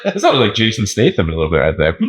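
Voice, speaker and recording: A man co-hosting a podcast in casual chat, animated and laughing often, slipping into joke accents. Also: low-pitched, quick pace. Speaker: podcast co-host.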